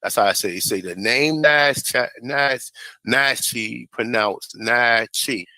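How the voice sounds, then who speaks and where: A man's voice: mid-range voice, lively intonation, moderate pace, sharp tone, dry recording, rough recording. Profane, heated man reading aloud. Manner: profane, heated, stumbles over names while reading. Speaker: host. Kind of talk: casual commentary vlog, reading aloud.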